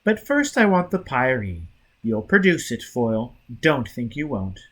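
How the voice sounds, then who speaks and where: A man reading an audiobook, voicing a savage, cold male agent who talks in harsh, forceful, threatening bursts, a little raised in pitch and loud. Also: big pitch swings, measured pace.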